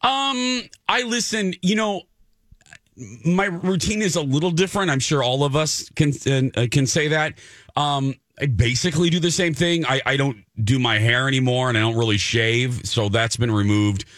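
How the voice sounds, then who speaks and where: A man's voice: medium pitch, no echo, studio quality. A man hosting a morning radio talk show, playful and chatty. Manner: playful, lively, drawn-out phrasing. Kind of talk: casual morning radio chat.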